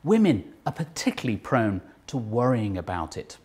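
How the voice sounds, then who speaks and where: A presenter reads a scripted report with a lively, varied pitch. The delivery is clear and informative. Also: normal speed. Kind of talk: scripted narration.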